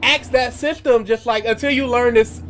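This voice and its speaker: A man's voice: very high voice, fairly even intonation, moderate pace, fairly bright tone, a little hiss or hum. A young man hosting a podcast, reacting to stories with blunt, joking comments in casual chat. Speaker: podcast host.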